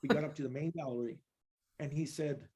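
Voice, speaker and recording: A man's voice: fairly high pitch, fairly even intonation, a little fast, darkish tone, husky. A man from East Los Angeles, a guest percussionist, telling rambling anecdotes in a casual interview, laughing now and then. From East Los Angeles, California. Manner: rambling anecdotes with many fillers and restarts, laughing while telling stories.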